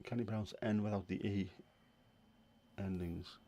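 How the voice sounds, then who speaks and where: A man from England hosting a casual livestream chat, answering viewers' questions in a relaxed, chatty way. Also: fairly low pitch, moderate pace, dull audio. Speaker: livestream host.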